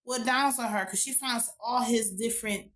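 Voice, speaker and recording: An American woman reviewing a TV episode in a casual vlog. She talks in a profane, animated way with lots of asides. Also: on the high side, normal speed, poor audio. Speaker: TV show reviewer.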